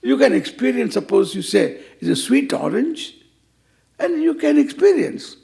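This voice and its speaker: An older man leads a scripture class with a playful, teasing humor, acting out little exchanges as he goes. His voice is gravelly and pitched fairly high, swinging widely up and down. He sounds like a spiritual teacher at ease with his students. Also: very animated, normal speed, warm tone. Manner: playful, teasing, acts out quoted dialogue.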